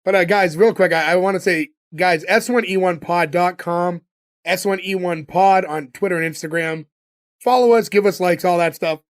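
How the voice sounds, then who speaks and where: A man's voice: high-pitched, normal speed. A man hosting a casual sitcom podcast, reading upbeat intros and chatting with friends. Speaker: podcast host.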